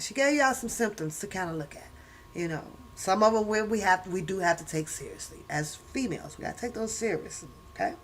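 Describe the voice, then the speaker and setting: A woman hosting a reaction channel, giving loud, profane, laughing commentary on a book. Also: mid-range voice, animated, fairly quick.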